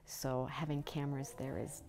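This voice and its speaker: A woman filmmaker talking about her documentary in a film festival interview, reflective and measured, pausing to search for words. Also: very deep voice, flat delivery, gravelly, a crowd in the background.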